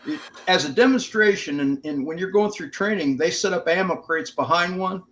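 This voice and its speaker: A man's voice: high-pitched, moderate pace, fairly bright tone. An older American man, a veteran guest on an interview podcast, telling stories in a plainspoken, casual way with some swearing. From United States.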